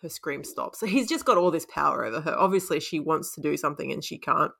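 A woman's voice: sits low, expressive, fast talker, creaky, fairly bright tone, slightly rough. A woman chatting casually about a book, laughing often and acting out the characters' lines. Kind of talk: casual chat retelling a book.

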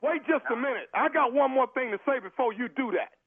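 A man's voice: very high-pitched, brisk, noisy background. A man making a prank phone call on a radio show, stammering and persistent, politely calling the other man sir. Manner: persistent, stammering, formal "sir" with sudden laughs. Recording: tinny phone line.

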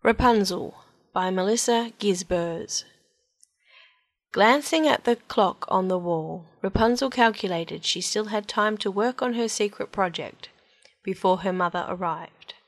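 A woman storyteller reading fairy tales aloud in a gentle, even narration. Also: medium pitch, a little slow.

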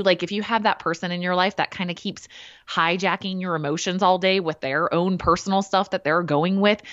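A woman with a fairly low voice talks in a blunt, animated way, acting out her own remarks in conversation. The recording is close and dry, with a slightly dull, lo-fi tone. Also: no room sound. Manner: animated, blunt storytelling with quoted asides. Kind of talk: casual chat.

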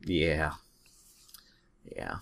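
A man's voice: extremely slow, a bit bright. A man in a casual chat, telling rambling stories and chuckling often.

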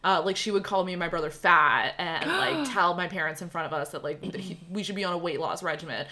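A young woman co-hosting a podcast, telling a story in a lively, animated way, swearing freely and acting out what people said. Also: on the low side, fast. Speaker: podcast co-host. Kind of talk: casual chat.

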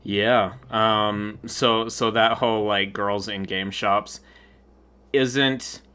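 A man in his thirties co-hosts a relaxed podcast conversation. His voice is bright and forward, and he talks in halting restarts that drift softer at the ends. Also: on the low side, clean tone. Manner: hesitant, repeats words, trails off quietly. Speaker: podcast co-host. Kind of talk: casual chat.

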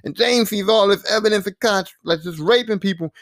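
A man with a fairly high voice recaps a TV episode in a casual, animated and profane way. He is recorded dry and close, with no room sound. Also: a little fast, no echo. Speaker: podcast host.

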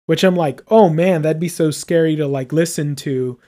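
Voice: mid-range voice, normal speed, dark tone. A podcast co-host recapping a horror film's scenes in casual chat, with lots of "like" and "um". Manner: recaps scenes with many likes and ums. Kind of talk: casual film review chat.

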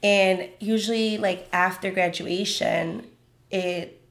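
Chatty young woman with a low voice. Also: slow, gravelly. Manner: chatty, animated storytelling with quoted voices. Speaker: podcast co-host. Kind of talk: casual chat between friends.

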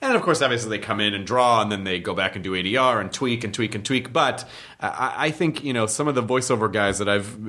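A man's voice: on the low side, fast talker, bright, forceful tone. A man hosting a podcast interview, talking enthusiastically in long, rambling turns full of fillers. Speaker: podcast host. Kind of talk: casual interview chat.

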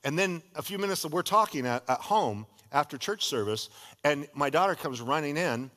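A man's voice: a little high, normal speed. Middle-aged pastor man in a reverberant hall. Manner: casual, conversational storyteller with lively retold dialogue. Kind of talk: sermon with personal storytelling. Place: church sanctuary.

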